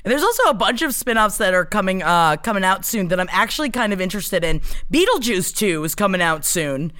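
Lady cohost laughing a lot, super lively voice, casual podcast chat. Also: mid-range voice, a little fast. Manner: giggly, enthusiastic, lively. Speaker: podcast co-host.

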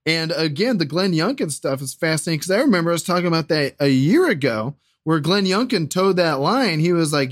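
Wisecracking co-host man, high voice. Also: big pitch swings, no echo, clean studio sound. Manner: quick wisecracks and pop-culture jokes. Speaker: podcast co-host. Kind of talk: comedic political chat.

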